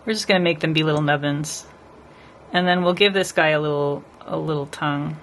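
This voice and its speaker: A woman's voice: sits low, fairly quick, a little hiss or hum. A woman nail artist chatting casually with her live stream viewers as she paints, rambling and talking to the chat.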